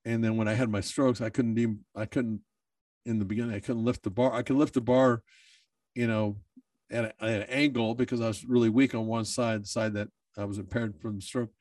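A man's voice: medium pitch, fairly even intonation, fairly quick, darkish tone, dry recording, distant mic. A man who is a bodybuilder, talking in a candid personal monologue, emotional and swearing freely.

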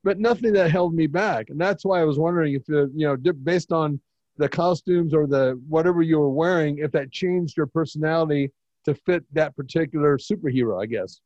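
A man's voice: fairly high pitch, fairly quick, darkish tone, dry recording, dull audio. A man hosting an interview, asking questions in a conversational, encouraging manner. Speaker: host, interviewer. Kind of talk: casual interview chat.

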